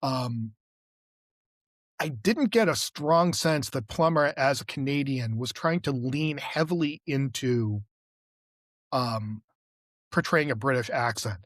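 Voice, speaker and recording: Male podcast co-host, casual and rambling, mid-pitched voice, dry studio sound. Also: slow pace, pauses often, dry recording. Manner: rambling, lots of fillers and restarts. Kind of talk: casual chat.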